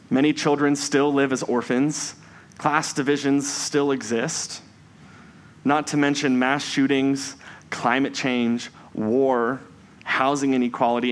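A man preaching a Sunday sermon in a measured, reflective way, slowing down for emphasis on key phrases. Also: medium pitch.

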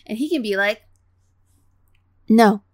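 A woman's voice: fairly high pitch, moderate pace, fairly bright tone. A woman co-hosting a podcast, chatting casually with teasing, giggly banter. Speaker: podcast co-host. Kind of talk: casual chat.

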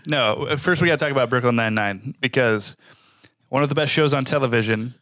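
A man's voice: mid-range voice, brisk, fairly bright tone, no echo, clean studio sound. A man co-hosting a podcast, joking and chatting easily, sometimes trailing off. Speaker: podcast co-host. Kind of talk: casual podcast banter.

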